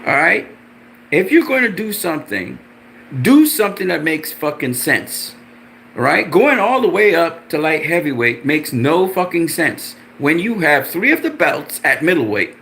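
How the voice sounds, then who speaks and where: A man's voice: creaky, slight background noise. A man angrily ranting about boxing, profane and repetitive, with mocking jumps in his voice. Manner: animated, mocking pitch jumps. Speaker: boxing commentator. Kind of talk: ranting commentary.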